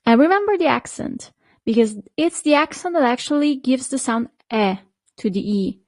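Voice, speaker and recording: A woman, teaching a beginner language lesson, pronouncing each word slowly and repeating it with brief praise. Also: sits high, expressive, a little mellow, no room sound. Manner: slow, clearly repeated pronunciation with short praise.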